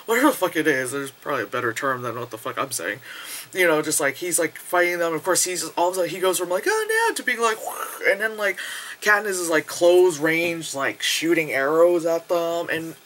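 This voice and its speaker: Bright-voiced, rambling, swearing male reviewer. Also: a little high, fairly quick, slight background noise. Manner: rambling, profane and excitable, with many fillers. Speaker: movie reviewer. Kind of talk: casual spoken movie review. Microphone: camera close to the face.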